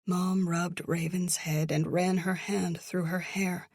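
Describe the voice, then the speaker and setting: Slow, husky woman narrating. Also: fairly low pitch, flat delivery, darkish tone, no echo, studio quality. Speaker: audiobook narrator. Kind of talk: scripted narration.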